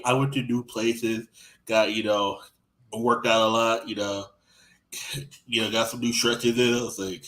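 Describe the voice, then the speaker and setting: A man with a mid-range voice tells raunchy stories in casual podcast chat. He rambles and restarts often. He acts out quoted lines, dropping soft and then jumping loud. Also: mid-range voice, little pitch movement, unhurried, pauses often, low-quality recording. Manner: crude, rambling storytelling with lots of restarts.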